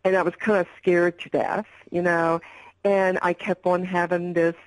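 Older woman guest, low-ish voice, rambles thru her story, dry close sound. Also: little pitch movement, normal speed, no echo, low-quality recording. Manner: candid, rambling storytelling with restarts. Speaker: interview guest. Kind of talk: personal health story in an interview.

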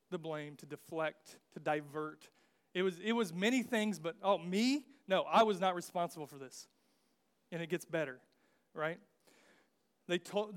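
A young man preaching a casual sermon, joking and acting out biblical figures in slang asides. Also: sits high. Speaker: pastor.

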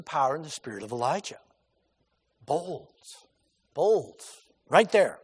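A male pastor delivering a sermon with emphatic, rhetorical questions and repeated words for stress. His voice is high and very lively in pitch, and it rings with the long reverb of a big hall. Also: a little slow, breathy edge.

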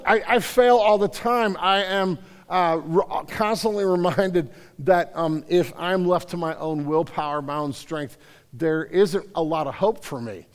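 A man's voice: high-pitched, in a large hall. A man preaching a conversational sermon, self-deprecating, with many repeated starts. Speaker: pastor. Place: church hall.

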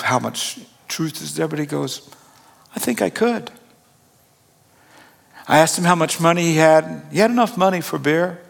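A middle-aged man gives a sermon in a chatty, self-deprecating storytelling manner. His voice sits a little high for a man and turns animated when he acts out the scene. The sound carries a long echo, as if from a large church hall. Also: gravelly. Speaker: pastor.

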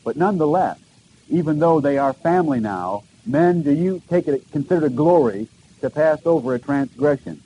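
Preaching a sermon, a middle-aged pastor sounds earnest and questioning, repeating phrases emphatically. His voice is a little high for a man yet dark and mellow, with lively intonation at a moderate pace. The recording is low quality, with faint hiss behind him.

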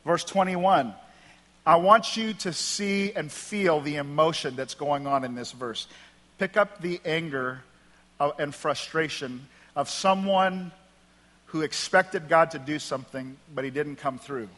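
A man's voice: on the high side, unhurried, fairly bright tone. A man pastor preaching a sermon in a church, reading scripture with emphatic delivery and wry asides. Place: church sanctuary. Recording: long hall reverb.

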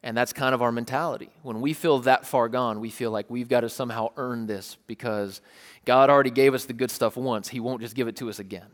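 A man preaching a sermon, animated, telling stories and acting out scenes with sudden outbursts. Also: mid-range voice, a little fast. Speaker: pastor. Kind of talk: sermon with storytelling. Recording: long reverb of a large hall.

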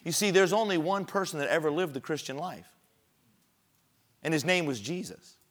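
A man's voice: on the high side, lively intonation, normal speed, a bit bright. A man preaching a sermon, telling a personal story and building to emphatic preaching.

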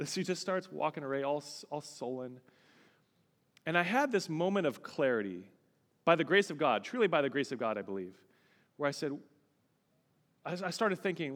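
A man's voice: on the high side, lively intonation, normal speed, fairly bright tone. A male pastor preaching a sermon, telling a personal story with expression and building to a fervent exhortation. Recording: long reverb, large hall.

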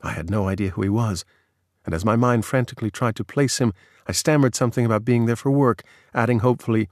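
A man in steady, measured scripted narration of a magazine article. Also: on the low side, no echo, clean studio sound.

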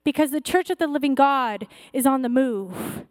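High-pitched lady pastor preaching hard, all fired up, dry sound no room echo. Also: moderate pace. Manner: fervent, exhorting with rising repeated calls. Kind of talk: sermon.

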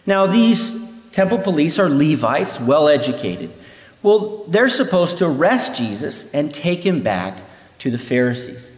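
A man teaching through a Bible passage in an animated way, acting out the voices he quotes. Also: on the high side, measured pace. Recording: echoey hall reverb.

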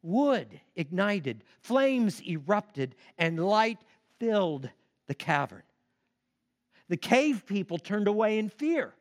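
A male preacher giving a sermon and telling a story with expressive emphasis. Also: sits high, takes it slowly.

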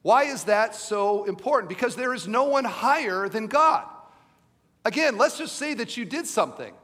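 A man's voice: very high-pitched, expressive, normal speed, a bit bright. A middle-aged male pastor preaching a sermon, emphatic and driving his point home with repeated rhetorical questions. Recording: long hall reverb.

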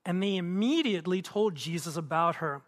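A man preaching to his congregation in a church, animated, acting out quotes and asking the room questions. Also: high-pitched, normal speed. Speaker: pastor. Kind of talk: sermon. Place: church auditorium.

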